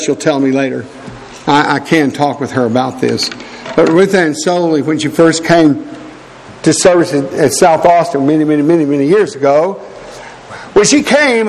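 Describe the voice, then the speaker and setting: A male preacher with a high-pitched voice delivers an earnest, exhorting sermon, weaving in personal stories and calling out to the brethren. His voice rings with a long reverb, as in a church hall. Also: a little hiss or hum.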